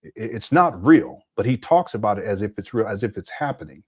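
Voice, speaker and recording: A man's voice: on the low side, animated, a little fast, darkish tone, breathy edge, dry recording, studio quality. Incredulous man from Southern California. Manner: incredulous, mocking, conversational. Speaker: commentary channel host. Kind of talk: casual video commentary.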